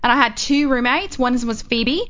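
Over a muffled, lo-fi recording with faint hiss, a woman whose voice sits high and a bit bright hosts a casual chat. At a moderate pace she tells chatty, rambling stories, restarting often.

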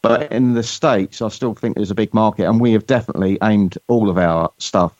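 A man from England with a British accent, a songwriter guest answering interview questions in a relaxed, hesitant way. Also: fairly low pitch, fairly quick, no echo. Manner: relaxed, hesitant with fillers and restarts. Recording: dull lo-fi remote audio.

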